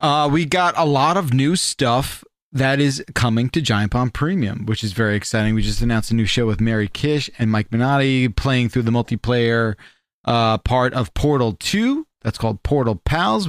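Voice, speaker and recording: A man's voice: medium pitch, normal speed, no room sound, studio quality. A man guesting on a podcast, talking in an easygoing casual way.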